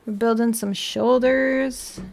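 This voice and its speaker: A woman's voice: fairly high pitch, fairly even intonation, slow, vocal fry, a little mellow, a little hiss or hum. A woman chatting casually on a live stream at home while building a model kit, laughing often and acting out her own annoyed comebacks. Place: indoors at home.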